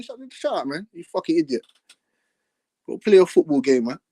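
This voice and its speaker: A man's voice: a little high, expressive, brisk, mellow, no room sound. A young man, hosting a live stream and trading brash, profane trash talk in a heated argument.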